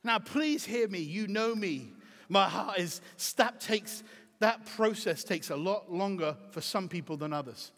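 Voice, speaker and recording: A middle-aged man preaching a sermon as pastor, emphatic and swinging from soft to shouting. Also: high-pitched, animated, measured pace. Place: church auditorium. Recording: reverberant hall.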